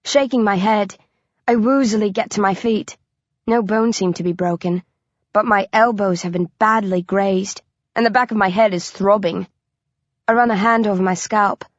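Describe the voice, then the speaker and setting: A woman's voice: mid-range voice, fairly even intonation, moderate pace, no room sound. A woman reading a first-person thriller audiobook, with tense, vivid storytelling. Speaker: audiobook narrator. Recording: dry, dull lo-fi recording.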